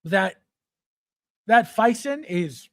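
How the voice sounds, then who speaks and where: A man's voice: high voice, animated, very slow, no room sound. Host, man, middle-aged; sarcastic, profane rant, dry room sound. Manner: blunt, mocking, swears freely, mimics fans. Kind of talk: ranting live-stream chat.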